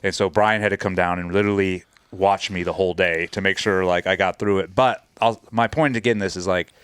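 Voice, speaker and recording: Guest, male, low register, dry close sound; profane storyteller who acts out quoted dialogue. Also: fairly even intonation, a little fast, fairly bright tone, clean tone, no room sound. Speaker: podcast guest, former Navy SEAL chief. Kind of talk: casual storytelling in conversation.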